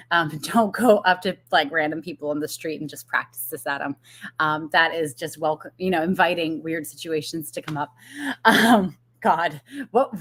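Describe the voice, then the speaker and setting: A woman's voice: medium pitch, fairly bright tone. A woman business coach giving a casual live-streamed talk, chatty with fillers and frequent laughs.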